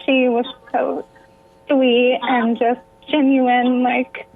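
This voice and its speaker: A woman's voice: high-pitched, flat delivery, drawn-out words, vocal fry. A woman guest on a radio interview, telling a personal story with emotion that sometimes breaks into tears. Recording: tinny phone line.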